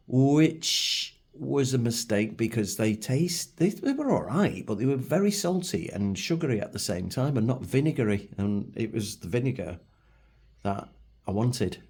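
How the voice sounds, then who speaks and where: At home at a table, a middle-aged food vlogger with Manchester English reviews food casually, rambling and self-deprecating as he chats. He speaks a little mellow and on the low side.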